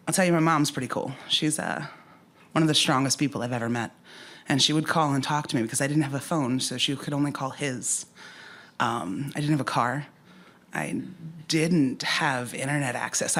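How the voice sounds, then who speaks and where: A woman's voice: extremely low pitch, a bit bright. A woman telling a personal story at a live story slam, candid and conversational, with frank asides.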